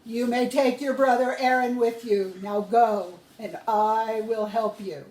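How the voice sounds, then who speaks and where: The solemn voice of God from a burning bush, as a woman voices it, speaks in slow, firm commands. The storybook reading rings in an echoey room. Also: on the high side, steady tone, darkish tone, natural voice. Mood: commanding.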